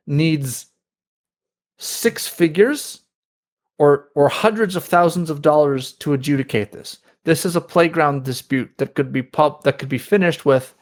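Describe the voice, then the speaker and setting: A man's voice: medium pitch, measured pace. A man talking as a podcast guest, explaining at length in conversational tones and retelling what others said. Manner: explanatory, with many restarts and quoted retellings. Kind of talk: conversational interview.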